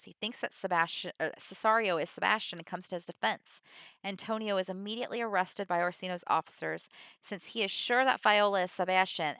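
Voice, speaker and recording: A woman walks through a play's story in a relaxed, conversational way, peppering her summary with "you know" and "like." Her voice is bright and clear, and the recording is close and dry with no room sound. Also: on the low side, no echo. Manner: chatty, full of 'you know' and 'like'. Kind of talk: casual plot summary of a play.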